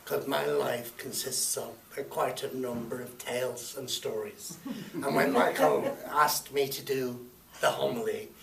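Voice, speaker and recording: A man's voice: mid-range voice, vocal fry. A man gives a chatty, rambling homily about his life in church, with chuckling asides. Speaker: lay homily speaker. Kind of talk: personal testimony in church. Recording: echoey church, from far off, faint noise.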